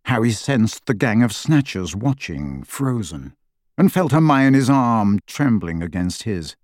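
A man narrating a fantasy audiobook in a dramatic, expressive reading. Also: lowish voice, unhurried, no room sound, clean studio sound.

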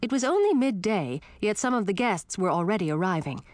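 Expressive woman narrating an audiobook. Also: medium pitch, a little fast, no echo. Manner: expressive first-person storytelling.

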